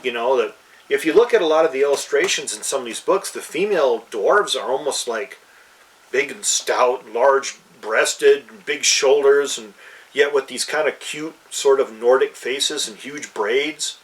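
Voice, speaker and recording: A man's voice: mid-range voice, a little slow, distant mic, poor audio. A man co-hosting a casual chat about fantasy games, rambling with many fillers and restarts. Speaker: podcast co-host.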